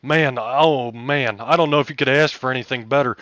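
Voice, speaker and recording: A man interviewing drivers after a sim race, hoarse, folksy and excitable with lots of fillers. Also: mid-range voice, fairly quick, no echo. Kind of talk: casual post-race interview over voice chat.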